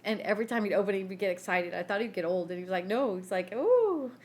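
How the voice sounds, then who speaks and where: A podcast co-host talks at a racing pace in a mid-range voice, spinning stories on a casual chat show. She laughs often and acts out quotes like an animated storyteller.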